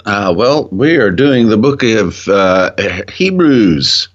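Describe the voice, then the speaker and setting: Deep, slow-talking earnest man. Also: sing-song, muffled recording. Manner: earnest, enthusiastic. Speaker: guest, ministry founder. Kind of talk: casual Bible discussion.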